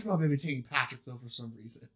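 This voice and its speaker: A man's voice: medium pitch, rapid-fire, pushed and bright. A man hosting a casual group chat show, laughing and teasing the others as he talks. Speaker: podcast host.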